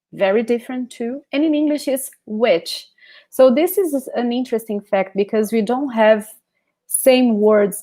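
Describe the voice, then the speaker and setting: A Brazilian woman with a Brazilian Portuguese accent teaches a live online language lesson, speaking slowly and patiently. Her voice is mellow and soft-edged. She repeats each word several times for practice and reads out viewer comments. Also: medium pitch.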